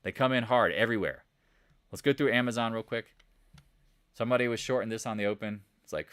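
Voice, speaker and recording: A man hosting a live market commentary stream, talking in a blunt, animated, sarcastic way. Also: lowish voice, fast talker, pauses often, clean tone, no echo, studio quality. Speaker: host of a trading channel.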